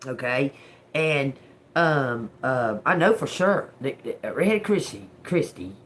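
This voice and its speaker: A woman's voice: extremely low pitch, animated, slow, slight background noise. A middle-aged woman, telling a blunt, profane story to her livestream audience. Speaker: livestream host. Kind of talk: casual storytelling monologue.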